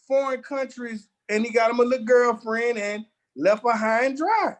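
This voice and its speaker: A man's voice: very high voice, moderate pace, few pauses. A man, co-hosting a casual review show and making blunt, slangy, laid-back remarks. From Louisiana. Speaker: co-host.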